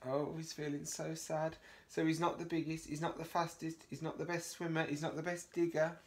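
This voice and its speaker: A man's voice: a little high, level tone, moderate pace, few pauses. A man teaching a reception class remotely, reading a picture book aloud with gasps and questions to the children. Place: home, remote lesson video.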